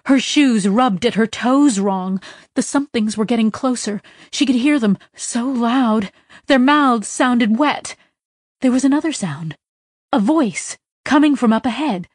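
A woman's voice: on the high side, dry recording, studio quality. A woman narrating a story in a tense, dramatic reading style with urgent bursts. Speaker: audiobook narrator.

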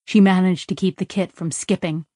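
A woman's voice: lowish voice, fairly even intonation, normal speed, mellow, dry recording, clean studio sound. Woman narrating a story evenly. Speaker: audiobook narrator. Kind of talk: scripted narration.

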